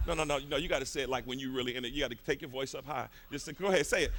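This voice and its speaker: A man preaching with fervor, building repeated phrases and rising into shouts. His voice is high, bright, and lively, and it swings widely in pitch. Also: very fast, few pauses. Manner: fervent, colloquial, repetitive, shouting at peaks. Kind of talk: sermon.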